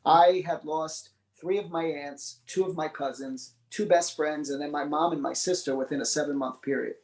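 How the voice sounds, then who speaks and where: A man's voice: a little high, moderate pace, poor audio. A man telling his life story in an interview, acting out the voices of people he quotes. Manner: animated, acts out quoted dialogue. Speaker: psychic medium guest.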